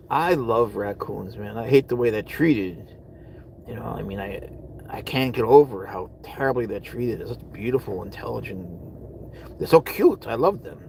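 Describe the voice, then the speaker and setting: A man's voice: mid-range voice, vocal fry, slight background noise, low-quality recording. Rambling man chatting on a livestream. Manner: rambling, answers chat, trails off into mutters. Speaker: livestream host. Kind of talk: casual live chat with viewers. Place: parked car at a supermarket.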